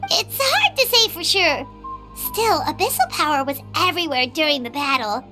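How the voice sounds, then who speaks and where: Game companion sprite, tiny and excitable, squeaky high with bouncy swings. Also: female voice, over loud music. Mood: chatty. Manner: quick, chirpy, expressive. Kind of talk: video game voice acting. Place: recording studio.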